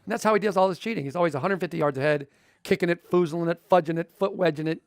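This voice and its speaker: Quick, animated male guest with jokey anecdotes, dry close sound. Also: on the high side, no echo. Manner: animated, joking storyteller. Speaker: guest author. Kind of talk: TV interview.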